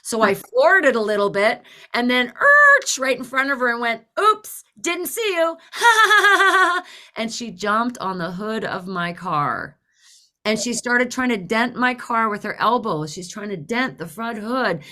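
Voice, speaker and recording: A woman in her forties, co-hosting a casual chat, telling a story with animated delivery, swearing freely and acting out the people in it. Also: a little high, moderate pace. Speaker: podcast co-host.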